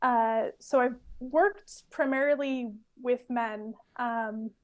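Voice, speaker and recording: Podcast guest: woman, 20s, from California, fairly high voice, chatty and casual. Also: slow pace. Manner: chatty, fillers and laughs, relaxed storytelling. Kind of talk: casual interview chat.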